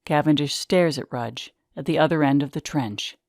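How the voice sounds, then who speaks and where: A woman narrating the stage directions of a script reading in a measured way. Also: deep voice, darkish tone, dry recording, studio quality.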